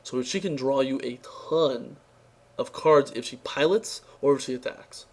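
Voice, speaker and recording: A man's voice: mid-range voice, a little slow. Young man with a tired, strained voice. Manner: offhand and sarcastic, with many fillers and restarts. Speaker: card game reviewer. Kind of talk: casual spoken review.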